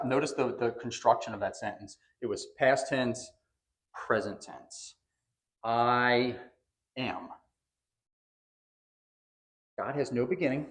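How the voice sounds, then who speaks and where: A man's voice: mid-range voice, a bit bright. Emphatic man preaching a sermon. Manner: emphatic, conversational preaching with repeated phrases. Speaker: pastor. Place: church sanctuary.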